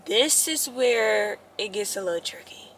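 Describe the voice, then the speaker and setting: A young woman, telling a story to her viewers in a casual, animated way, often rising to exasperated outbursts. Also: medium pitch, a little slow, slight background noise. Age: young adult.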